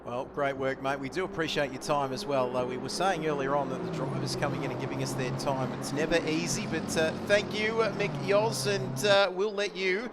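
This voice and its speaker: A man's voice: fairly high pitch, a little fast, few pauses, heavy background noise. A man with an Australian accent co-commentating a live sim race, friendly and slangy. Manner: friendly, slangy, rising when excited.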